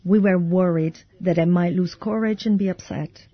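A woman giving an interpreter's voice-over, calm and measured. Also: on the low side, no room sound, lo-fi sound. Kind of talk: translated voice-over.

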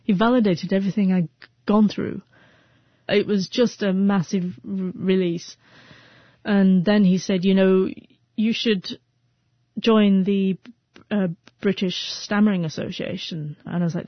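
A woman's voice: medium pitch, fairly even intonation, a little slow, no echo, lo-fi sound. Woman who stutters telling her story. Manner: stutters, with repeated sounds and restarts. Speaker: interview guest. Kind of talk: personal storytelling interview.

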